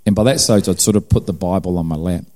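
Low, mellow New Zealand man preaching. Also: quick pace. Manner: storytelling, acts out dialogue, self-mocking humor. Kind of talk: personal testimony sermon.

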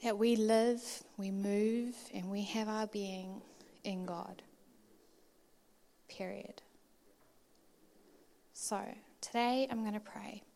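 A woman preaching in an earnest, conversational way, sometimes dropping to a soft, near-whispered delivery. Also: mid-range voice, fairly even intonation, slow pace, vocal fry, long pauses. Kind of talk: conversational sermon.

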